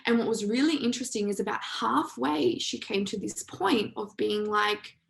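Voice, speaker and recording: A woman's voice: fairly high pitch, moderate pace, vocal fry, poor audio. A woman hosting a live online session, telling stories in an emphatic, casual way with some swearing. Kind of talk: motivational storytelling talk.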